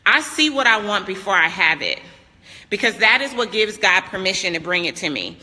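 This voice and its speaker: On a casual live stream from a vacation house, a woman business coach wanders indoors and out, greeting viewers by name and speaking emphatically into a phone at arm's length. Her mid-range voice is expressive, pushed and bright, at a moderate pace, and it sounds like a large hall.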